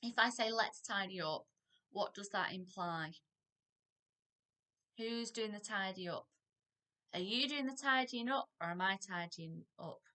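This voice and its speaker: A middle-aged woman teaches a parenting class in an animated, expressive way. Her voice is bright and clear, and she slips into quick acted examples of parents and children. Her pitch sits in the middle. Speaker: parenting practitioner. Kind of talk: recorded parenting lesson.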